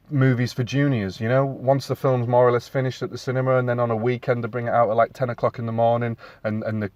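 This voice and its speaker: A man's voice: medium pitch, dry recording. A man in his thirties giving a casual, rambling film review as a podcast host, with many fillers and restarts. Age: 30s.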